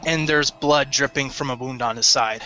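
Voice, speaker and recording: A man narrating a tabletop game as game master in a descriptive, halting way. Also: medium pitch, steady tone, pushed and bright, highs cut off, soft background music.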